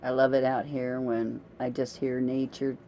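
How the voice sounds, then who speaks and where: A woman's voice: very deep voice, flat delivery, moderate pace, warm tone, slight background noise. A middle-aged woman vlogging in a casual, rambling monologue, chatty and self-amused as she wanders from one story to the next.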